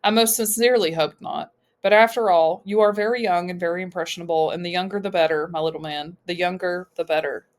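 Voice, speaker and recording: A woman voicing a smooth, menacing male overlord who talks in a soothing, patronizing way. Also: on the low side, steady tone, fast talker, hardly any pauses, lightly acted.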